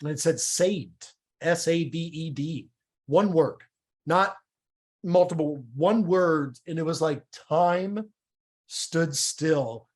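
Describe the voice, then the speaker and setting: Candid man telling his testimony, higher voice. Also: slow. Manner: candid, emotional, stumbles and repeats words. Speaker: guest sharing his testimony. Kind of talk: conversational testimony interview.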